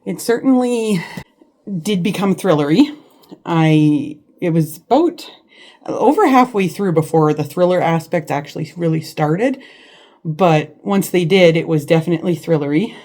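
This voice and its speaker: A woman's voice: sits low, moderate pace, darkish tone. A woman chatting about books in a casual vlog from her living room, rambling and hesitant with many restarts. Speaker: book vlogger. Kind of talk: casual chat.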